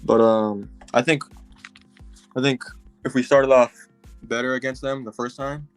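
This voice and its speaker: Low-key young man, flat voice. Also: unhurried, clean tone, faint music behind. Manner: low-key, short answers. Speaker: high school basketball player. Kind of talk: casual chat.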